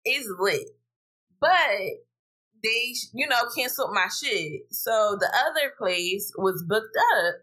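A woman hosting a podcast, telling a story in casual chat, animated and blunt, swearing freely. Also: takes it slowly, low-quality recording. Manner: animated, profane, vents with rising pitch. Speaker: podcast host. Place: home podcast setup while streaming live.

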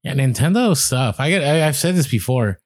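A man's voice: medium pitch, expressive, brisk, no echo, clean studio sound. A man co-hosting a podcast, talking in a reflective, rambling way. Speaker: podcast co-host. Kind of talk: casual chat.

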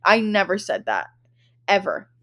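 A young woman co-hosts a casual podcast and spins a chaotic story. She talks loosely and swears often, and she slips into quick impressions of the people in it. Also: medium pitch, gravelly, a crowd in the background. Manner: animated, profane storytelling with acted-out quotes. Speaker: podcast co-host.

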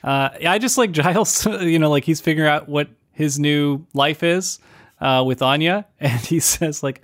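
A man co-hosting a casual podcast, relaxed, with laughs and "like" fillers. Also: fairly high pitch, moderate pace. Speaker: podcast co-host. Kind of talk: casual chat.

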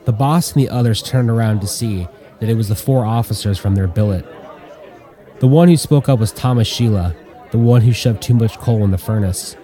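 A man narrating an audiobook in an even, measured way. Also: on the low side, a faint crowd.

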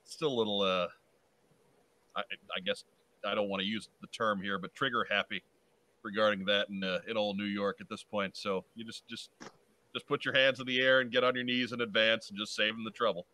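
A man's voice: on the low side, fairly even intonation, fairly quick, pushed and bright, rough recording. A man on a podcast, making dry, hesitant remarks in casual chat. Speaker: podcast co-host.

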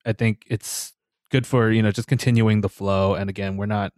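Laid-back low-voiced man, podcast co-host. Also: normal speed, no echo, studio quality. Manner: relaxed, filler-heavy, leans on "you know" and "um"; laughs easily, swears casually. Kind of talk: casual podcast chat.

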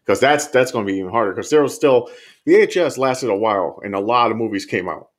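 A man's voice: mid-range voice, expressive, quick pace. A man chatting as a podcast guest, easygoing and rambling, swearing freely as he talks. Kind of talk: casual chat.

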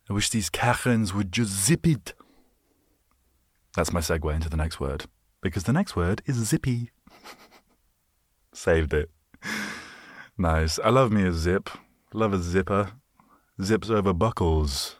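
Deep-voiced rambling podcast host. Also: male voice, no echo, studio quality. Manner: rambling and self-mocking, full of asides. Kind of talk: solo rambling podcast monologue.

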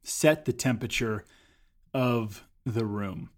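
A man co-hosting a casual conversation, telling stories and giving advice in an animated way. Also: mid-range voice, slow. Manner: storytelling, animated when acting out quotes. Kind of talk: casual chat.

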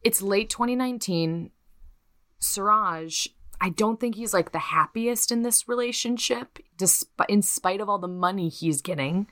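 A woman co-hosting a podcast, telling a true crime story in casual, profane chat and putting on quick voices for the people in it. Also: mid-range voice, a bit bright, no room sound, studio quality.

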